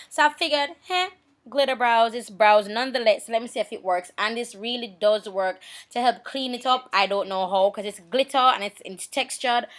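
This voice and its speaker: A woman's voice: on the high side, a bit bright. A woman, talking casually through a makeup tutorial, chatty and repeating herself. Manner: chatty, repeats herself, talks while working. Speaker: makeup vlogger.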